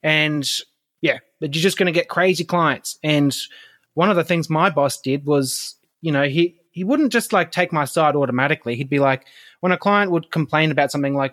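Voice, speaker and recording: A man talking as a podcast guest in a relaxed, animated way, laughing often. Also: fairly high pitch, moderate pace. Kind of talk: casual podcast conversation.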